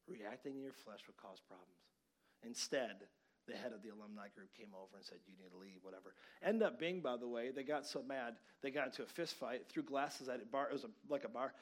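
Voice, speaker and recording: Man in his forties, pastor giving a sermon, animated storyteller, sudden loud bursts and hushed asides. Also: mid-range voice. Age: 40s.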